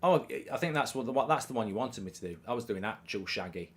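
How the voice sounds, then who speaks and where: A man with a mid-pitched voice hosts a live football watchalong stream. He sounds excitable and animated, bouncing between reactions to the match and comments from the chat, and often stammers and restarts mid-sentence. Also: fast talker, a little hiss or hum.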